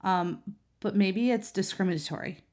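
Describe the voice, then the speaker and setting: Woman, thirties, earnest, conversational, fillers and restarts, mid pitch. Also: moderate pace, a little mellow. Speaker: mother and vlogger. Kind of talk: earnest talk to camera.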